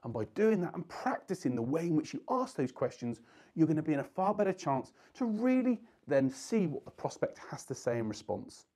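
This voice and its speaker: A male sales trainer explains his method in an earnest coaching manner, pressing on the important words. His pitch moves up and down a lot as he talks. The voice sounds mellow, with a slightly husky edge. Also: very animated, a little fast. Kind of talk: instructional talk to camera.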